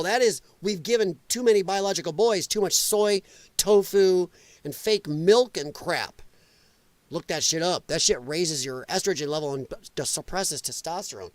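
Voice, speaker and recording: A man's voice: sits high, dry recording. Blunt mocking male stream host. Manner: blunt, profane and mocking, laughs often. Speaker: host of a political commentary stream. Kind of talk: live reaction commentary.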